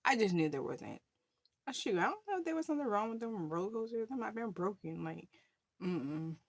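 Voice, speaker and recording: A woman's voice: medium pitch, sing-song, fairly quick, no room sound. A woman telling a story in a casual vlog, chatty, with many fillers and frequent laughs. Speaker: budgeting channel host.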